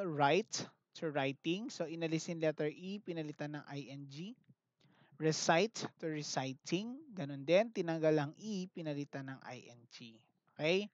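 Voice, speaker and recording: A grade one teacher with a Filipino accent, teaching an online class in a slow, clear and patient manner. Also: medium pitch, dry recording, lo-fi sound. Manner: slow, clear, patient classroom delivery, mixing English and Tagalog.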